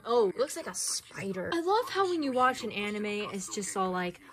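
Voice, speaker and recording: A woman's voice: medium pitch, sing-song, normal speed, hardly any pauses, a little hiss or hum. A teenage girl chatting casually in her bedroom as she reacts to an anime, giggly and tripping over her words. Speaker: reaction video host. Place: bedroom at home.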